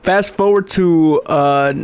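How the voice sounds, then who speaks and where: A man's voice: on the high side, takes it slowly, darkish tone, clear, resonant tone. A young man co-hosting a podcast, telling a long story in casual chat, swearing constantly and laughing often. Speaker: podcast co-host.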